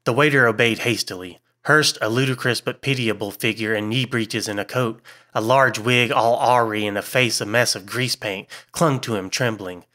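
A man reads a horror story aloud in a measured, storytelling way, his voice bright and forward. His pitch sits at a middle level, and he paces each line with care. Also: steady tone. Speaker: audiobook narrator. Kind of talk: scripted narration of a horror story.

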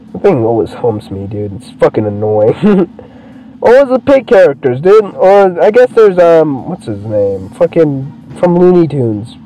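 A young man giving profane, excitable commentary while playing a video game. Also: on the high side, low-quality recording. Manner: profane, excitable, swears constantly. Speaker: gameplay streamer. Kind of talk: let's play commentary.

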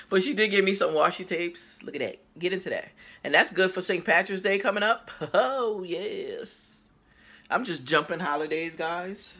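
A woman chatting casually to her viewers in a haul video, lively and exclamatory, talking straight to the camera and sometimes while chewing. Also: on the low side, normal speed. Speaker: haul vlogger. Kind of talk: casual haul vlog chat.

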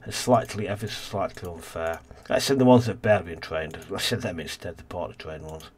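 A man's voice: low voice, brisk, darkish tone, slightly rough. A man casually commentating a city-building game as host, rambling and thinking aloud, tired and yawning. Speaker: let's play host.

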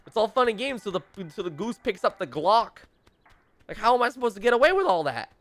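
A man's voice: sits high, very animated, a little fast, a bit bright. A young man doing playful gameplay commentary as a let's play host, teasing and mock-dramatic, talking straight to the game characters.

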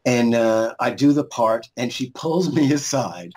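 A man's voice: medium pitch, animated, measured pace, darkish tone, breathy edge. A middle-aged man chatting as a podcast guest, telling stories at length with restarts and chuckles. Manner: storytelling, rambling with restarts and chuckles. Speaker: guest, lawyer, musician and actor. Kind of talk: casual interview chat.

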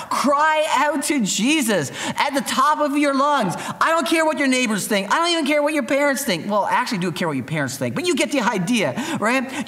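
A man serving as pastor delivers a youth sermon in a lively, chatty style, performing the voices of the story's characters. His voice is very high-pitched.

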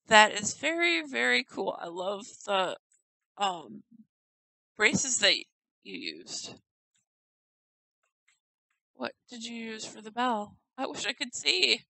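A woman's voice: on the high side, sing-song, slow pace, gravelly, pauses often, pushed and bright, dry recording, poor audio. A woman giggling and thinking aloud in casual commentary as she tours a house in a game. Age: adult. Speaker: gamer touring a player-built house.

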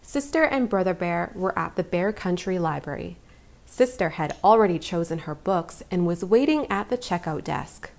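A woman hosting a children's read-aloud channel, reading a picture book in a gentle, expressive way. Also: lowish voice, normal speed, creaky. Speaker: children's story reader.

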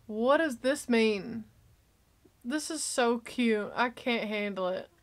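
A woman giving excitable, gushing casual commentary while reacting to a movie. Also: fairly high pitch, slow.

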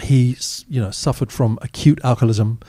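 A man's voice: medium pitch, brisk, dark tone, no echo, clean studio sound. A man, an actor as guest, telling candid, wry anecdotes in a live audience Q&A at a cinema. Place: cinema stage after a screening.

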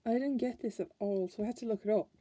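A woman's voice: medium pitch, fast, mellow, slightly rough, no echo. An Irish woman chatting casually as she flips through a card deck, musing aloud and restarting her sentences. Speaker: tarot card reviewer.

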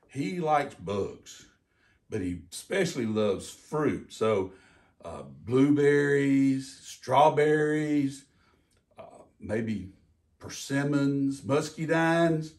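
An older man, a retired game warden giving a folksy, animated talk about wildlife for kids. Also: medium pitch, very slow, distant mic.

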